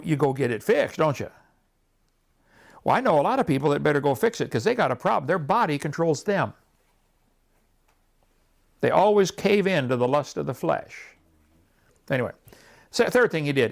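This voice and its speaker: A man preaching a sermon, telling stories and acting out prayers in an animated way. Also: a little high, vocal fry. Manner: animated storytelling, acts out prayers and quotes.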